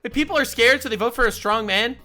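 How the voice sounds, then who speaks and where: A man's voice: extremely high pitch, fast talker, pushed and bright, faint music behind. A man commenting over a video, mocking and swearing.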